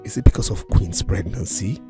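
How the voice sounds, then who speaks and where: A man's voice: low voice, fairly quick, natural voice. A man voicing a husband's puzzled inner monologue. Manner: puzzled, questioning. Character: baffled husband thinking to himself. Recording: voice-over under film music.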